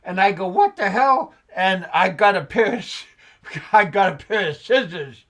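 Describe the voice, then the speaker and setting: A man's voice: high-pitched, sharp tone. A middle-aged man hosting a casual chat, telling a story with many restarts, fillers and laughs. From United States. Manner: halting, many restarts and ums, laughs at own jokes. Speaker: show host.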